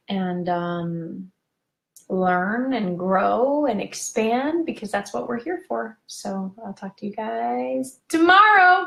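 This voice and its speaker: Woman coach, live casual chat, gravelly voice in an echoey room. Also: mid-range voice, a bit bright. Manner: chatty and gushing, wanders off on tangents. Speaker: parenting coach hosting a live video talk.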